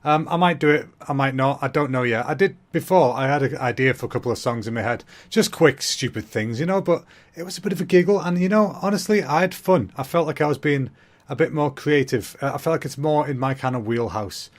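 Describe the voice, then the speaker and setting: A young man, hosting a comedy podcast in a rambling, self-mocking monologue, talking quickly. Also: medium pitch.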